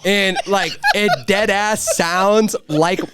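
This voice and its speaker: A young man, a podcast guest, telling a loose, animated story full of swearing and filler "like"s. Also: high-pitched, slow, heavy background noise. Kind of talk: casual storytelling.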